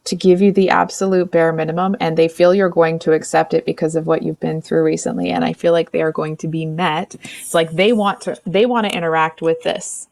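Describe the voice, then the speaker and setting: A lower-pitched woman talks through a tarot spread in a casual, frank way, getting animated as she goes. She keeps stopping to correct herself and checks in with the listener. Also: creaky. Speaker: tarot reader. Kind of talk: casual tarot reading monologue.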